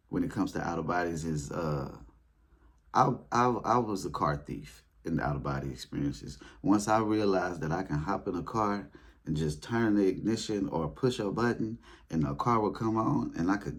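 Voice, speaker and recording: A man speaking in a casual storytelling monologue, animated, acting out his past reactions in a high voice. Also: breathy edge. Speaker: spiritual video creator.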